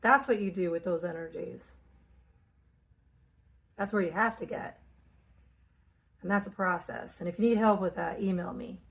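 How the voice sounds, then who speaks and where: A woman's voice: lowish voice, moderate pace, pauses often. A woman talking casually and candidly about spiritual energies, swearing freely and acting out inner conversations. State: tearful at moments. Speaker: spiritual channel host.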